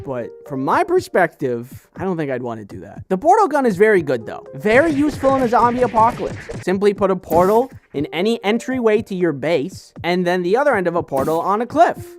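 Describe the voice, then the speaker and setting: Young woman, wry joking vlog commentary, animated pitch. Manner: playful and wry, with joking asides. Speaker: vlogger. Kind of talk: casual commentary.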